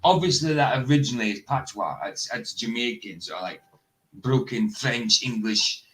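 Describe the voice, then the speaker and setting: A man's voice: mid-range voice, normal speed, a bit bright, low-quality recording. Rambling man in casual chat. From Fraserburgh, Scotland. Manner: rambling, laughs often, restarts sentences. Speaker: co-host reacting to a video.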